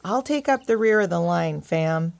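A woman's voice: fairly low pitch, animated, normal speed, vocal fry. A woman voicing a big, earnest older male dog who insists on his point. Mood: insistent.

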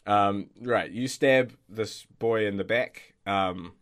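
Game master, male, low voice, halting, full of fillers and restarts. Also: fairly bright tone, smooth. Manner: hesitant, many fillers and restarts. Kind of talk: narrating a tabletop game.

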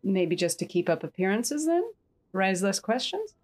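A woman's voice: medium pitch, sing-song, normal speed, a little mellow, faint music behind. A woman voicing a poised adventurer in formal, courtly phrasing. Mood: probing.

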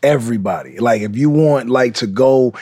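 Guy high on shrooms rambling and cussing, dry close studio sound. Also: moderate pace, a little mellow, dry recording. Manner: loose, rambling, swears a lot. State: high on mushrooms. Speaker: guest. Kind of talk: casual chat. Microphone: studio mic.

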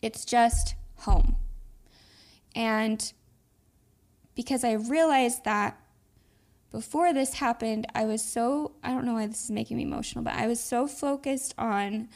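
A woman's voice: a little high, normal speed, creaky, a little mellow. A woman co-hosting a podcast, talking in an earnest, reflective, heartfelt way. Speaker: podcast co-host. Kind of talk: casual heartfelt chat.

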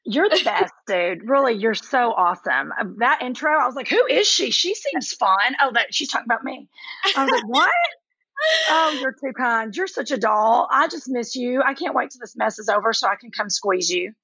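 A woman's voice: fairly high pitch, fairly quick, vocal fry, fairly bright tone, husky, no echo, dull audio. A woman from Kentucky with a Southern accent, chatting animatedly as a podcast guest and calling people honey. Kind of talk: casual chat.

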